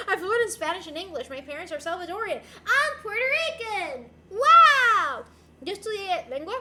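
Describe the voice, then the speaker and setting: A woman's voice: very high-pitched, sharp tone, reverberant, slight background noise. A young woman streaming live, chatting playfully with her viewers and switching between English and Spanish. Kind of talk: casual live-stream chat.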